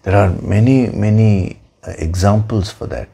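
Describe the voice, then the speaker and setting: A man giving a spiritual discourse as a teacher, in a measured, emphatic way, repeating words for stress. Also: on the low side, creaky, warm tone, breathy edge. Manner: slow, measured, emphatic with repetitions.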